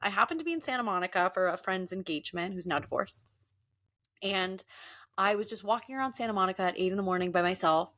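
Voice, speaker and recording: A young woman hosting a podcast, telling a story in a casual, animated way and acting out the people she quotes. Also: mid-range voice, fast. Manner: animated, laughing, often acts out quoted people. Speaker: podcast host. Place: Los Angeles.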